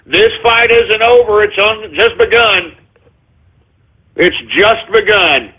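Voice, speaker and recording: High-pitched guy ranting on his radio show, swearing a lot, yelling now and then, sounds like a phone line. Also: slow pace. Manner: profane, exasperated ranting with sudden shouts. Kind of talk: ranting talk radio monologue.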